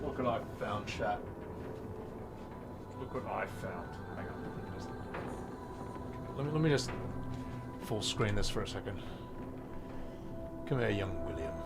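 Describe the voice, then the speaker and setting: A man's voice: fairly low pitch, lively intonation, measured pace, gravelly, pauses often, over loud music. A man streaming and chatting casually with his viewers, playful and swearing, cooing at his cat. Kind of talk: casual live-stream chat.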